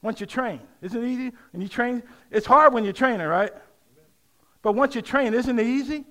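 High bright-voiced preaching man. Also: moderate pace. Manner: call-and-response preaching, rising to shouts. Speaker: pastor. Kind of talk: sermon.

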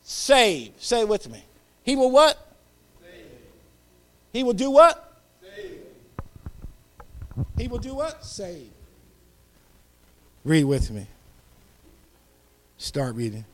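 A man preaching a sermon, leading call-and-response and dropping to whispered hallelujahs between loud calls. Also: high-pitched, huge pitch swings, takes it slowly, long pauses.

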